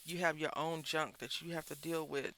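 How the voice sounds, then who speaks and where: A craft vlogger, a man, talks casually as he works, drifting into rambling personal stories. His voice is fairly high, with a gravelly edge and a bright, sharp tone. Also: steady tone, moderate pace, slight background noise. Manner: rambling, candid storytelling, talks to viewers as y'all. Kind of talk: casual chat while crafting.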